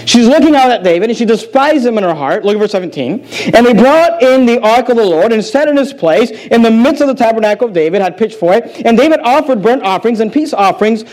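High-voiced man preaching a sermon. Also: expressive, quick pace, a little mellow, low-quality recording. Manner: earnest, repeats phrases, asks the congregation questions. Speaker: pastor.

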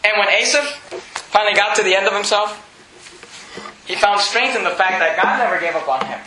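A male pastor preaching a sermon in a church, animated and building up to shouts. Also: high voice, a little fast, echoey room, over a noisy crowd, low-quality recording.

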